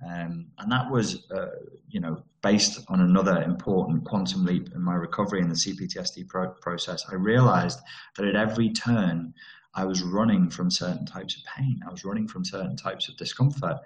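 Low-pitched and speaking at a normal speed, this man from Merseyside, England, delivers a ranting vlog monologue over lo-fi sound with roomy echo. He curses freely, talks bluntly and sarcastically, and puts on mocking voices.

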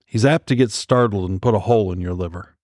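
A man's voice: on the low side, quick pace, a little mellow, dry recording, clean studio sound, natural voice. A man voicing a sardonic, wisecracking male operative in an audiobook. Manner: sardonic, joking.

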